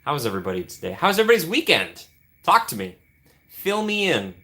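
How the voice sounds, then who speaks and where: A young Midwestern American man hosts a casual livestream, greeting chat by name in a playful, talkative way. His voice is bright and forward, and his pitch jumps all over as he banters. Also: wildly swooping pitch, fast. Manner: playful, chatty, reads and answers chat. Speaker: livestream host. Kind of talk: casual chat with live viewers.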